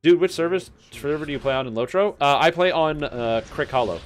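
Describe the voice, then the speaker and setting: A man's voice: on the high side, expressive, fairly quick, a little hiss or hum. Joking man streaming a game. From Canada. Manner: joking, incredulous rants. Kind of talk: casual gameplay chat.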